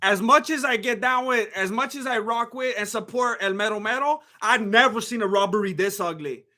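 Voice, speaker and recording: Streamer host, male, bright and sharp tone, excitable and incredulous, live watch-along chat. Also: high-pitched. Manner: talks to the chat with rapid questions. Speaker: livestream host reacting to fights.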